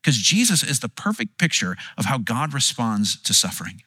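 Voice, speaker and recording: A man's voice: mid-range voice, very animated, moderate pace, bright, forceful tone, breathy edge, dry recording. A man preaching a sermon, earnest and conversational, often restarting his words and acting out quotes. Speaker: pastor.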